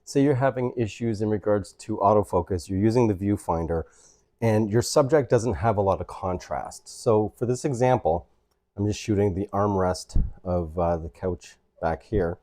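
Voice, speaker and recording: Low, mellow man explaining step by step. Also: moderate pace, no room sound, clean studio sound. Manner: explains step by step, often checks in with "right?". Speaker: photography channel host. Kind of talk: casual camera tutorial demonstration. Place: indoors at home near a couch.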